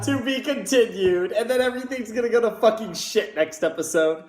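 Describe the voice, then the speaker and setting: A man hosting a reaction video, gushing excitedly and swearing heavily in casual commentary. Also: high-pitched, a little fast, hardly any pauses, music in the background. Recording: roomy echo.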